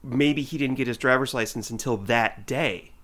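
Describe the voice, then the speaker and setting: A man's voice: medium pitch, moderate pace, fairly bright tone. A man co-hosting a podcast, chatting casually and recapping scenes by acting out the dialogue. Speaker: podcast co-host. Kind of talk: casual chat.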